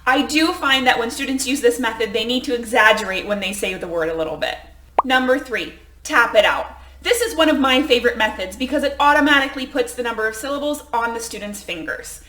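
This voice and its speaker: An enthusiastic woman teacher walks through a phonics lesson in a clear, explanatory way. Her voice sits a little high and rings bright. The room around her sounds echoey. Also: lively intonation, fairly quick, slight background noise.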